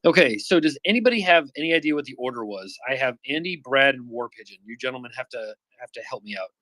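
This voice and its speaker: A man's voice: medium pitch, animated, quick pace, bright, forceful tone, no echo. A man hosting a live audio chat, casually organizing the speaker order and asking listeners to share it. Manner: busy, organizing speakers while asking for patience.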